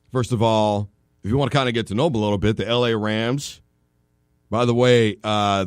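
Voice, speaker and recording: A man's voice: medium pitch, no room sound. A man hosting a sports talk show in a studio, joking and spinning long comic comparisons. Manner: animated, jokey, tells long comic analogies. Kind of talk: casual sports radio talk. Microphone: studio microphone.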